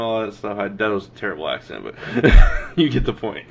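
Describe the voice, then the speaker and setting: Low-voiced laid-back Texan podcast co-host. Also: male voice, normal speed, highs cut off, slight background noise. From Texas. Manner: relaxed, laughs easily, hedging restarts. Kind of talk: casual wrestling chat.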